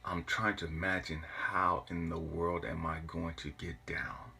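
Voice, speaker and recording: A man telling an earnest, emotional personal story as a father, often dropping his voice to a hushed whisper. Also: deep voice, flat delivery, unhurried, gravelly, a little hiss or hum.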